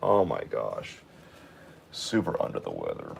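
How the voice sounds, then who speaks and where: A sick man with a raspy voice, chatting casually and rambling with many fillers as he sets up to draw in his art vlog. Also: extremely low pitch, wildly swooping pitch, unhurried. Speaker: art vlogger. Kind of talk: casual chat while drawing.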